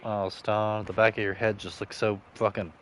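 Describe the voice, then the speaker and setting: A man's voice: on the low side, little pitch movement, normal speed, a little hiss or hum. A young man in casual gaming commentary, rambling and swearing as he jokes to himself. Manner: rambling, profane, joking to himself. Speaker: streamer.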